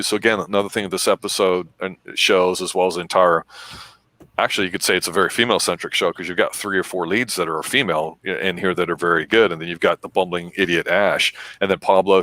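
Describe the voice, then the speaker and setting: A man co-hosting a podcast, reviewing TV episodes in a measured, thoughtful way. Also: sits low, sharp tone, no room sound. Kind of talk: casual review chat.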